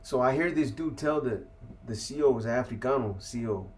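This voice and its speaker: A man from California spinning a long story in casual, laid-back street slang, swearing freely as he goes. His pitch sits at an ordinary middle level for a man, and his delivery stays unhurried and conversational. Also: a little mellow. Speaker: interview guest.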